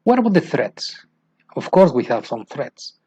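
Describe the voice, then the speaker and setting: A man's voice: on the high side, big pitch swings, normal speed, warm tone, breathy edge. A man with a Mexican Spanish accent, a native Spanish speaker, lecturing teachers in English, restarting phrases and asking rhetorical questions. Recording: dull lo-fi sound.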